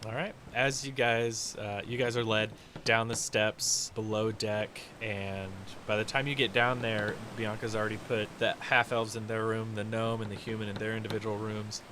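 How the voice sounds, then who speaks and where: A man's voice: lowish voice, normal speed, few pauses. Laid-back male game master, noisy recording. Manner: relaxed, rambling descriptions with fillers. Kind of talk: narrating a tabletop game.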